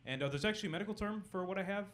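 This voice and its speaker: A young man performing a stand-up comedy set on a club stage, delivering deadpan punchlines and talking with the crowd. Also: high voice, rapid-fire.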